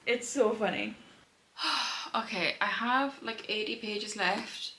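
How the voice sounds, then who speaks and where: A woman's voice: a little high, takes it slowly, noisy background. A young woman chatting casually about her reading at home, laughing often and sounding tired. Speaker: book vlogger. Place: home indoors.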